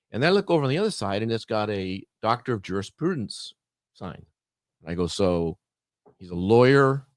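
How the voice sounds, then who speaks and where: Lower-voiced man telling a story. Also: fast, no echo, clean studio sound. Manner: animated storyteller, acts out dialogue. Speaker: podcast guest. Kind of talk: storytelling in casual podcast chat.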